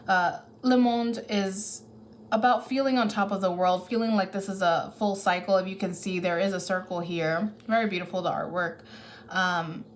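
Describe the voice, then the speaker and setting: A woman's voice: lowish voice, fairly even intonation, brisk, slight background noise. A woman giving a casual tarot reading who thinks aloud and corrects herself as she goes, caffeinated. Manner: chatty, thinks aloud, restarts and self-corrects. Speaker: tarot reader.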